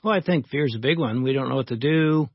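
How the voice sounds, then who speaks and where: A man's voice: mid-range voice, fast, no room sound, highs cut off. Male podcast host telling a story. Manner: lively storyteller who acts out quoted dialogue. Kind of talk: storytelling in a casual faith-based talk.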